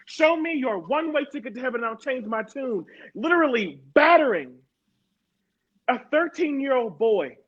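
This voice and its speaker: A woman's voice: high voice, very animated, normal speed, muffled recording. A woman from Harrisburg, Pennsylvania, giving a personal testimony as a panel guest, emphatic and repeating words for stress.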